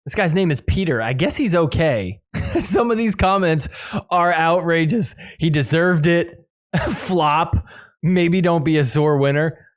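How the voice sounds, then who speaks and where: A man hosting a podcast who reacts to sports clips with animated commentary, laughing often and putting on mock voices for the players. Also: fairly high pitch, measured pace. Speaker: podcast host.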